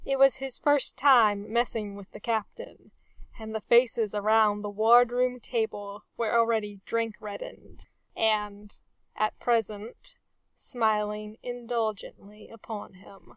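A woman reading a nautical adventure story aloud as an audiobook narrator, in measured storytelling. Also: mid-range voice, steady tone, fairly bright tone, no echo, far from the mic. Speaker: audiobook reader. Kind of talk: scripted narration.

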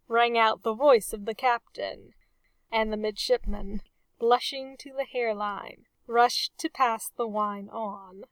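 A woman reading a nautical adventure story aloud as an audiobook narrator, in measured storytelling. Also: fairly high pitch, fairly even intonation, no echo, far from the mic. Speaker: audiobook reader. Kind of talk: scripted narration.

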